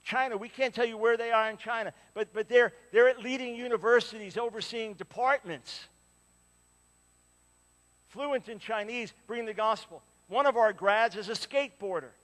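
Male preacher, high voice, animated storytelling, big hall reverb. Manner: animated storyteller, drops to hushed tones for quoted lines. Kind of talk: sermon storytelling.

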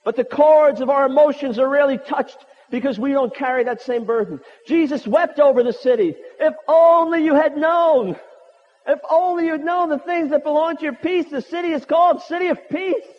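A man's voice: very high-pitched, a little fast, hardly any pauses. A man preaching a sermon with impassioned, rhetorical repetitions. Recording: muffled audio with long hall reverb.

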